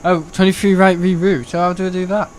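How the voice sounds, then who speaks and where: A young man, his voice sitting a little high. He rambles in a loose, chatty way while streaming, swearing freely. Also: flat delivery, fast talker, darkish tone, a little hiss or hum. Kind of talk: casual live-stream chat.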